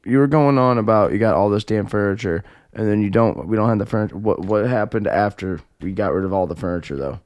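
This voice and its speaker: A man's voice: fairly low pitch, fast talker, hardly any pauses, darkish tone, no echo. A man co-hosting a podcast in casual chat, joking and nudging his partner along. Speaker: podcast co-host.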